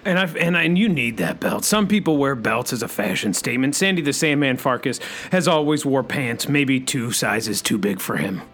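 A man playing an overexcited talk-radio host who says "freaking" constantly and leaps up in pitch. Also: lively intonation, normal speed, few pauses, fairly bright tone. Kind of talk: comedy radio-show sketch.

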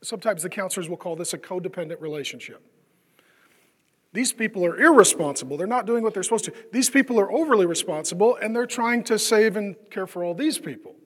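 A man's voice: high voice, lively intonation, fast talker, fairly bright tone, in a large hall. A man preaching a conversational sermon as pastor, often asking the congregation questions and acting out the voices of the people he describes. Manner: conversational, asks the crowd questions, acts out quoted voices.

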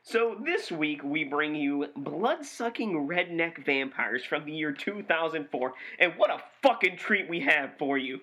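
A man's voice: fairly high pitch, big pitch swings, a little slow, few pauses, sharp tone. A man co-hosting a movie review podcast, swearing freely and ranting with exasperation in casual chat.

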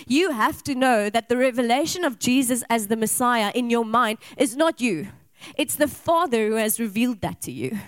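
A young adult woman preaches, building on rhetorical questions and slipping into personal stories. Her voice sits a little high. The sound is dry and close. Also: no room sound. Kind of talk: sermon.

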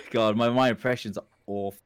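A man's voice: mid-range voice, fairly even intonation, moderate pace, clear, resonant tone, dry recording. A British man, a guest streamer, chatting casually and self-deprecatingly in an interview, laughing easily.

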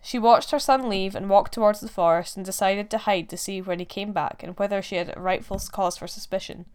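Woman narrator, folk tale read with measured expression, crystal clear voice, mid pitch. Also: fairly even intonation, a little mellow. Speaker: storyteller. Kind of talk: scripted narration.

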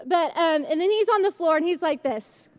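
A young woman preaching a sermon in a church, chatty and animated, acting out little stories as she goes. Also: extremely high pitch, moderate pace.

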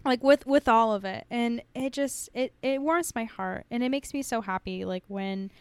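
A woman co-hosting a podcast, talking casually and warmly, with plenty of swearing and filler words. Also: on the high side, moderate pace, clean tone, no echo. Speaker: podcast co-host.

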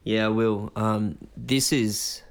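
A man's voice: lowish voice, steady tone, slow. An Australian man in his forties, a musician, telling a loose, rambling story with plenty of swearing and acted-out voices. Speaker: musician guest. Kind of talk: casual storytelling in conversation.

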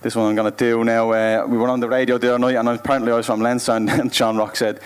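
A man with a Dublin accent performing spoken-word poetry live on a club stage, with a rhythmic, emphatic delivery that swings between loud and hushed. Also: medium pitch, flat delivery, quick pace, clear, resonant tone. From Ireland. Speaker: performance poet.

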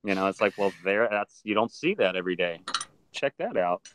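A man's voice: fairly low pitch, fairly quick, a little hiss or hum, low-quality recording. A man who handles alligators and crocodiles, telling stories in a casual interview and acting out the voices of people he met. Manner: animated storyteller who acts out other people's voices. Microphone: video call.

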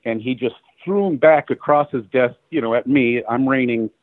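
Animated middle-aged man, tinny phone line. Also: medium pitch, normal speed, dry recording. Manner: animated storyteller acting out quoted dialogue, laughing. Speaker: guest photographer. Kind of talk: casual storytelling interview.

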